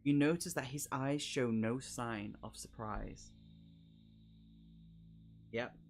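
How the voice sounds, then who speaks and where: A man's voice: mid-range voice, slow pace, soft background music. A man on a live stream, reading a solo gamebook aloud and breaking off for jokey asides and laughs. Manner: chatty and jokey, laughing asides between read passages.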